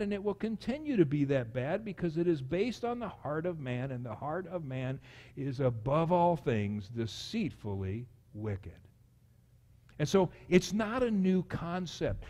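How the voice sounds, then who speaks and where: A middle-aged man preaching a sermon as pastor, lively and acting out quotes with sudden jumps in pitch. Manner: animated, acts out quotes with big pitch jumps. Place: church sanctuary. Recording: long church hall reverb.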